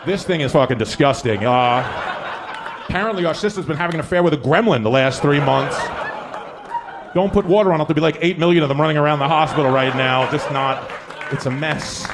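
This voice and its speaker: A man's voice: a little high, fairly quick, background noise. A man, a parent, doing a punchy stand-up set in a live club. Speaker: stand-up comedian.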